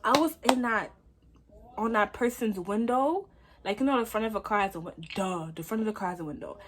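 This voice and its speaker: A young woman from Brooklyn, telling a casual storytime on her phone at home, slangy and animated, talking straight to her viewers. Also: medium pitch, fairly quick. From Brooklyn, New York. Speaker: vlogger.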